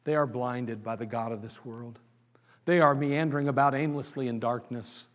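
A man preaching a sermon in a church, asking the crowd question after question and swinging between loud pleading and hushed tones. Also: mid-range voice, fairly even intonation, normal speed, big-room sound, lo-fi sound.

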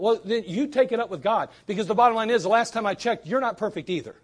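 A man's voice: sits high, expressive, fast, few pauses. A man preaching a sermon at a church service, emphatic and full of rhetorical questions and sarcastic asides. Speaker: pastor.

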